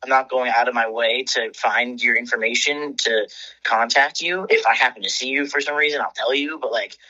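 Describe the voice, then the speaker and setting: A young man with a bright, husky voice talks in a laid-back way, swearing freely and often laughing. The sound is dull and lo-fi, like a home podcast recording. He chats casually as a co-host. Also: medium pitch, fairly quick. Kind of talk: casual chat.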